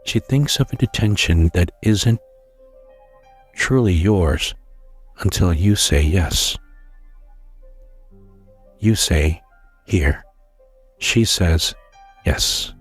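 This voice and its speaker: Slow, low, husky man telling a scary story. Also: faint music behind.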